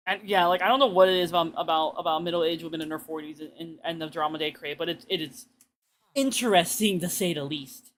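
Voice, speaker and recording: A woman's voice: fairly low pitch, quick pace. Laughing, swearing streamer woman. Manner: rambling, swearing, laughs often, lots of "like". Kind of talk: casual game-stream chat.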